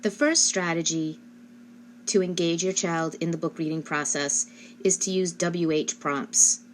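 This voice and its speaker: A woman giving instructional narration as a speech therapist, speaking slowly and carefully and modeling questions for a child. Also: on the low side, a little hiss or hum. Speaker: speech-language pathologist.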